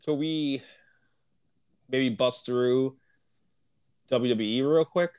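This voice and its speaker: A man's voice: mid-range voice, slow, a little mellow, clean tone, dry recording. A man co-hosting a casual wrestling podcast, getting over a cold with a lingering cough, chatting loosely with plenty of swearing. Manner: casual and profane, with fillers. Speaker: podcast co-host. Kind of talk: casual chat.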